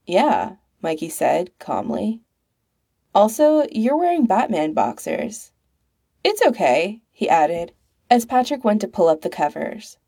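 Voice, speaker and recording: A woman reading the part of a calm, matter-of-fact young man with an odd unbothered air. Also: medium pitch, slow, gravelly, husky, no echo, studio quality, full character voice.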